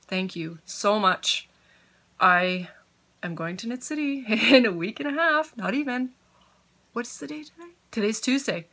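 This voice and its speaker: A woman's voice: mid-range voice, a bit bright. A woman hosting a podcast from home, chatting casually and giggling as she gets sidetracked. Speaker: podcast host. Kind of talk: casual chat.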